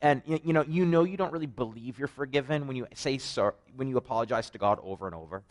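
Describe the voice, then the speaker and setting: A man's voice: medium pitch, quick pace, few pauses. Canadian man preaching a casual sermon. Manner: animated storytelling, joking asides. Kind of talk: conversational sermon.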